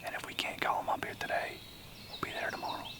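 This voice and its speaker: A man whispering outdoors in the woods, hosting a hunting vlog on a camera mic, with birds heard around him. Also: fast. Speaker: hunting video host.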